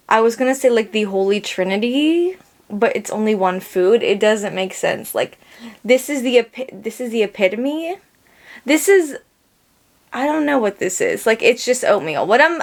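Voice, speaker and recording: A young woman hosting a casual solo podcast, rambling and joking at herself, talking through lots of fillers and restarts while sounding a little under the weather. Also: mid-range voice. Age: young adult. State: sick. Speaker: podcast host.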